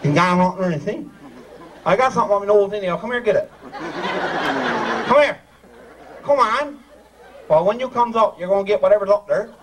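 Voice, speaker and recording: A man's voice: high-pitched, fast talker, background noise. A man with a Newfoundland accent emceeing a live community ceremony, joking and teasing in broad dialect. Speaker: master of ceremonies. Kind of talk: live comic emcee patter. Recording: distant mic over a crowd.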